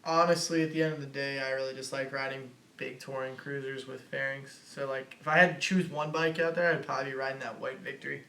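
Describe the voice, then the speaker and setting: A man's voice: mid-range voice, fairly even intonation, fast, creaky, few pauses, bright, forceful tone. A man co-hosting a casual livestream, chatting and joking in a laid-back way. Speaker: co-host.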